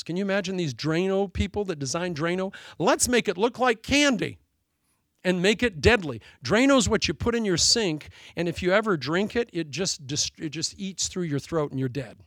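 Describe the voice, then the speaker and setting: A man preaching a sermon as pastor, telling a story with animated delivery and laughing at his own jokes. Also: high voice, no echo, clean studio sound.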